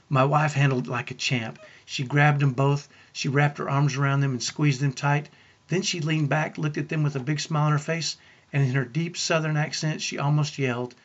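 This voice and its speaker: A parenting coach tells family stories to parents in an earnest manner, asking the listener rhetorical questions. His voice is on the high side, and the audio sounds dull.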